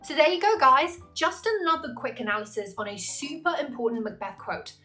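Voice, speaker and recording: A woman tutor explains a text in a measured, analytical way, and she slows down on the terms she wants to stress. Her fairly high voice rises and falls widely, with soft music underneath. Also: lively intonation. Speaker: English literature tutor. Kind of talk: scripted explanatory narration.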